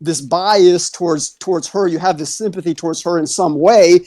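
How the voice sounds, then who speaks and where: Heated debater, man, high voice, cursing, talks over people. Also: moderate pace, warm tone. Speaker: debate guest.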